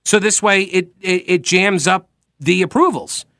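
A man's voice: high voice, unhurried, no room sound, studio quality. Emphatic man hosting a call-in radio show. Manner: animated, emphatic, trails off in repeated restarts. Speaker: radio talk show host. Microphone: studio microphone.

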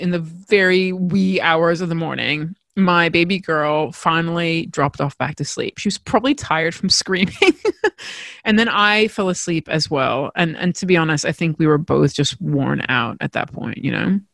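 A woman with a fairly low voice tells a candid personal story. She is frank and expressive, mocks herself and swears casually. The recording is dry and close, with no room sound. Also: moderate pace, creaky, no room sound. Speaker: storyteller, mother.

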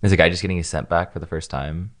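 A woman on a podcast, chatty and quick to riff on jokes in casual chat. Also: rumbling low. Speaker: podcast guest.

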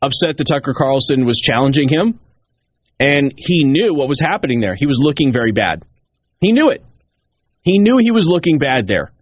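Husky-voiced man giving emphatic commentary. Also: medium pitch, very animated, normal speed, dry recording. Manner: emphatic, repeats key points. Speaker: talk show host. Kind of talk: political commentary.

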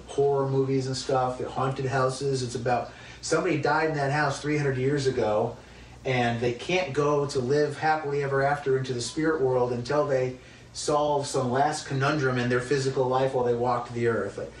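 This is a mid-range male voice with a faint hiss or hum, captured by a far-off mic in a roomy space with light ambience. The man is teaching a Bible study lesson conversationally and emphatically, often asking questions he doesn't expect answered.

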